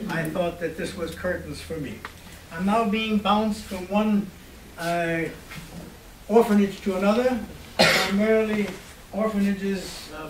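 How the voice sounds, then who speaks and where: An older man recounts his past in a wry, conversational manner, pausing on fillers as he goes. His voice sits high for a man. It is picked up from a distance in a roomy, echoing hall with faint ambient noise. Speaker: Holocaust survivor speaker. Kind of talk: storytelling talk. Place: hall at a university.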